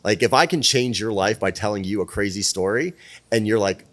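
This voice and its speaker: A man who is a guest on a podcast, telling stories in a casual, animated way, swearing freely and acting out the dialogue. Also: lowish voice, brisk. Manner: animated, profane, plays out dialogue. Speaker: podcast guest, PR firm president. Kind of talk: casual storytelling.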